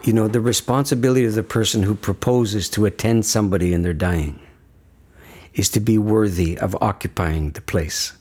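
A man with a husky, low-pitched voice talking in an earnest, emphatic way. He keeps pausing to check in with his listener. His delivery is unhurried, reflective conversation rather than a speech. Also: fairly even intonation, a little mellow. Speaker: guest speaker on death and dying.

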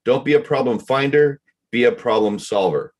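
A man's voice: mid-range voice, normal speed, darkish tone. A man co-hosting a casual chat, chummy and encouraging, egging his partner on. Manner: chummy, encouraging, laughs along. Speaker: podcast co-host, coach.

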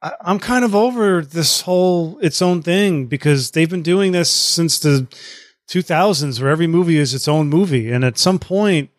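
A man talking as a guest on a podcast, chatty and rambling with quick asides. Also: a little high, dry recording, clean studio sound. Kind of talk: casual podcast chat.

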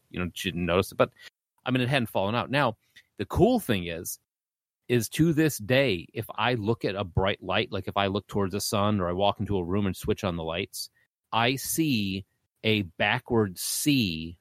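A man's voice: lowish voice, animated, moderate pace, no room sound. A man co-hosting a podcast, telling a story in casual chat and acting out the voices of the people he quotes. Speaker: podcast co-host.

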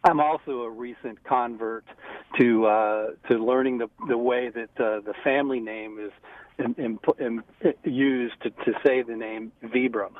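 A man's voice: mid-range voice, steady tone, measured pace. A man being interviewed as a guest on a radio show, easygoing and full of fillers. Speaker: guest, footwear industry rep. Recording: tinny phone line from a distance.

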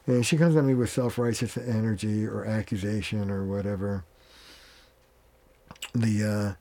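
A man with a mellow, warm-toned voice talks as a family therapist being interviewed. He is plain-spoken and casual, and he slips into quoted lines of dialogue to make his points. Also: on the low side, fairly even intonation, moderate pace. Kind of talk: conversational interview.

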